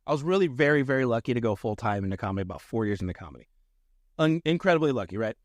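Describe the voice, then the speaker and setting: Middle-aged comic guy on a podcast, rambly and self-deprecating, mid pitch, dry close sound. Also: expressive, rapid-fire, no room sound. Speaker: guest comedian. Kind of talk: casual podcast chat.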